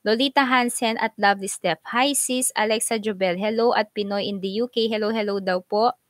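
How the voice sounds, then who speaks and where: A woman's voice: medium pitch, fairly even intonation, a little fast, no room sound. A woman hosting a casual live stream, bubbly, reading out and greeting viewers by name.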